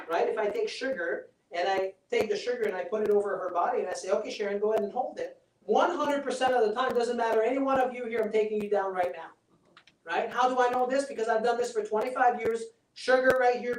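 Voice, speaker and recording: A man giving a live health seminar, persuasive and chatty, often checking in with the audience. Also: high voice. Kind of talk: live seminar talk with demonstration. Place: seminar room. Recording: roomy sound from a distant mic.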